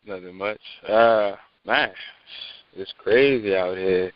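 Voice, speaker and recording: A male caller with a very low voice tells a story in a relaxed, halting way full of fillers. The sound is dry and lo-fi. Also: no room sound. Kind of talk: telling a story on a call-in show.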